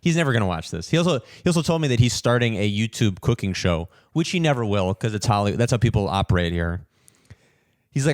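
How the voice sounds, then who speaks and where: A young man hosting a podcast, telling a story in an animated, swearing rant and mimicking people in higher voices. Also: fast, dry recording, clean studio sound. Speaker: podcast host, comedian.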